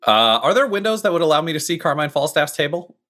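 A man at a tabletop game explains what his character does next. His voice is bright and his pitch moves a lot. He talks plainly, matter-of-fact. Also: very animated, quick pace. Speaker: player.

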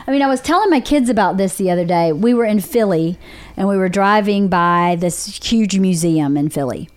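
A woman's voice: fairly low pitch, moderate pace. Southern woman telling candid stories. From Georgia, USA. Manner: candid storytelling with animated put-on quotes. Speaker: podcast host. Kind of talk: casual chat.

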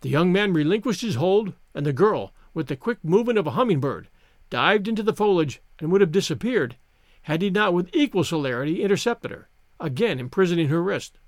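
Man narrating with high, lively voice. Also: brisk, dry recording, studio quality. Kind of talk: audiobook narration.

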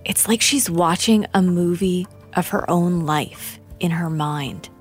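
A woman narrating a true-crime documentary in a measured, grave scripted delivery. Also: on the low side, faint music behind.

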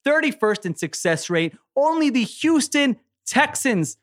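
Male podcast co-host, high voice, emphatic sarcastic takes. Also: very animated, a little slow. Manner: emphatic, opinionated, sarcastic asides. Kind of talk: casual sports chat.

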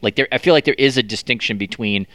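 A man's voice: mid-range voice, fast, fairly bright tone, no echo. A man hosting a podcast in casual chat, joking and self-deprecating with frequent restarts. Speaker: podcast host.

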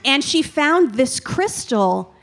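A woman's voice: sits high, big pitch swings, takes it slowly, slight background noise. A young adult woman doing stand-up comedy, telling a candid, rambling and self-deprecating story.

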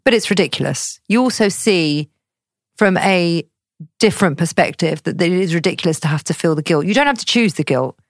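Woman podcast co-host, supportive, wry banter, lowish voice, dry close recording. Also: expressive, a little fast, dry recording. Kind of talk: casual chat.

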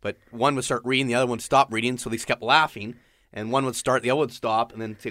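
A man with a Canadian accent, a restaurant owner, quickly retells a story as a guest in a radio studio. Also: medium pitch, bright, forceful tone, no echo. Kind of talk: casual storytelling. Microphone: studio microphone.

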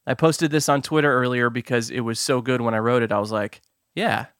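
A man hosting his own podcast, giving advice in an upbeat, quick, self-amused way. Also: mid-range voice, fairly bright tone, clear, resonant tone, no room sound, studio quality. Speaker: podcast host. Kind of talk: solo podcast advice talk.

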